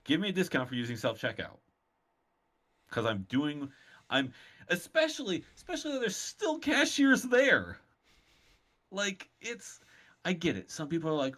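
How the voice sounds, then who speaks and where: Man, podcast co-host, animated pitch, exasperated rant, casual chat. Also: normal speed, long pauses. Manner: ranting, exasperated.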